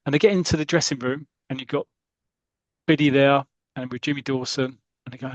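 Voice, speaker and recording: A man's voice: medium pitch, brisk, no echo. A man hosting a podcast, animatedly retelling a comic strip and acting out its scenes. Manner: animated, acts out the story as he reads. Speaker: podcast host.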